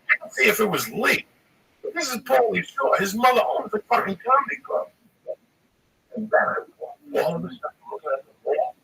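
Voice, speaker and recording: A male stand-up comedian with a high, creaky voice and a sharp tone tells a rambling story packed with swearing. The recording comes from a distant mic with faint background noise.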